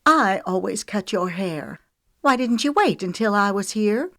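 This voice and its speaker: A woman's voice: medium pitch, a little slow, voice pushed up, lightly acted. A woman voicing a haughty, jealous young woman who scolds sharply and turns petulant. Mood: indignant.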